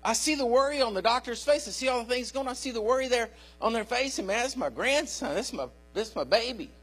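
An older man preaching in a folksy, storytelling way, calling out to his listeners as he goes. His voice sits very high for a man and has a husky edge. A faint electrical hum runs under the recording. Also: lively intonation, fast talker, a bit bright, faint music behind. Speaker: pastor. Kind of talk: sermon.

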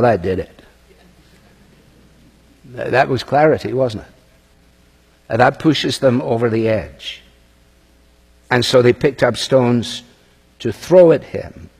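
Husky guy preaching, reads bible verses and chats about them, big echoey hall. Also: medium pitch, animated, takes it slowly, long pauses, a little mellow. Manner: conversational, reads scripture aloud and comments. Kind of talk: sermon, expository Bible teaching. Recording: long reverb of a large hall.

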